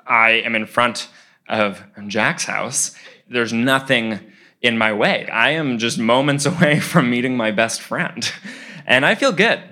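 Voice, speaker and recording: A young man in his twenties telling a personal story live on stage, animated and often laughing as he goes. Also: mid-range voice, a little slow.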